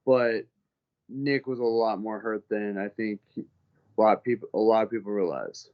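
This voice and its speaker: The recording is lo-fi, and the man's voice sits lowish as he talks at a moderate pace. He's a heavyweight fighter giving an interview full of casual, profane anecdotes, animatedly acting out each person he quotes.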